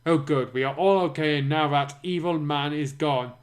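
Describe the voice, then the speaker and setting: A man voicing a jolly, triumphant man in a hearty, slow delivery. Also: a little high, natural voice.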